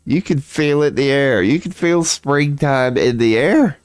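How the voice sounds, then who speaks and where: A man's voice: mid-range voice, lively intonation, measured pace, clear, resonant tone, no echo, clean studio sound. A tired man rambling indoors at home in a late-night vlog, profane, slangy and laughing at himself. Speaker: vlogger.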